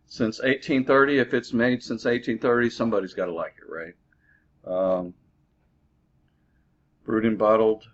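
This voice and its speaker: A man giving a casual beer review, halting and full of fillers, recorded on a dull lo-fi mic. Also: lowish voice. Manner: halting, filler-heavy, easygoing.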